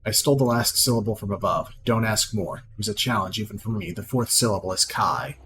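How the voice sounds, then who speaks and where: A man reading out the lines of a proud, scornful female sorceress in a video game, plainly and with small slips, over clear background noise. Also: on the low side, fairly quick, lightly acted.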